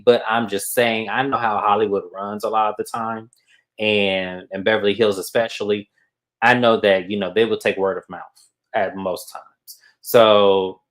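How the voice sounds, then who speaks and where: A man co-hosting a casual gossip show about reality TV, talking bluntly and with lots of profanity. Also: fairly low pitch. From California. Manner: blunt, profane, animated asides. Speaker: co-host.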